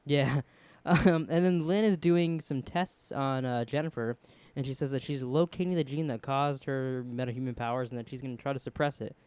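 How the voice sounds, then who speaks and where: A man's voice: mid-range voice, steady tone, moderate pace, hardly any pauses, a little mellow, clean tone, no echo. A man recapping a TV episode in casual chat, rambling with fillers and quoting characters in put-on voices. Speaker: show reviewer.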